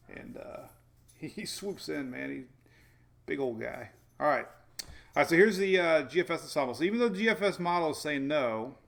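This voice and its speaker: A man's voice: mid-range voice, creaky, fairly bright tone. A man hosting a casual weather livestream, rambling through forecast maps, chuckling and answering viewers' chat. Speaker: weather show host.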